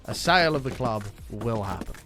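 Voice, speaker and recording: A man's voice: mid-range voice, expressive, brisk, fairly bright tone, faint music behind. A British man chatting live to his stream viewers, ranting heatedly and swearing often. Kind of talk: casual live-stream chat.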